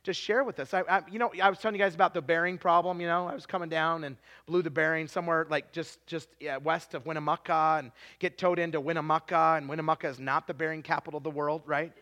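A man in his forties preaching a sermon, telling stories with lots of restarts and sometimes dropping to a hushed, confessional tone. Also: a little high, steady tone, fast talker, few pauses. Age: 40s. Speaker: pastor.

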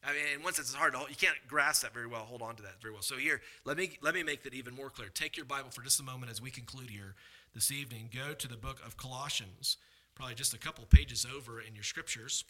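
A man preaching a sermon as pastor, earnest and emphatic, swinging between loud emphasis and quiet asides and often restarting his sentences. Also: medium pitch, fast talker, poor audio. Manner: repeats words and restarts mid-sentence.

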